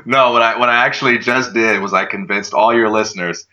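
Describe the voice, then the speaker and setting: A man's voice: lowish voice, a little fast, sharp tone, muffled recording. A man co-hosting a podcast in casual chat, joking and playful. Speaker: podcast co-host.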